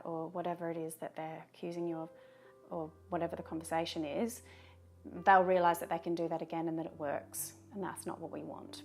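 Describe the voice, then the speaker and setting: Calm low-voiced woman giving advice. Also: faint music behind. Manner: calm, measured, firm on repeated commands. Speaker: advice video host. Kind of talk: direct-to-camera advice talk.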